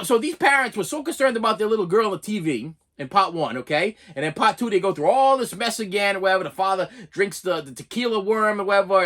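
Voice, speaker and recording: A man talking casually about his movie collection, rambling and repeating himself as he rants. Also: sits high. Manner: rambling, repeats words, animated ranting. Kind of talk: casual unboxing rant.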